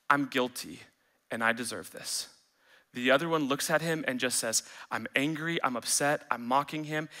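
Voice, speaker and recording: A man preaching a sermon as pastor, animated, acting out the voices he quotes. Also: a little high.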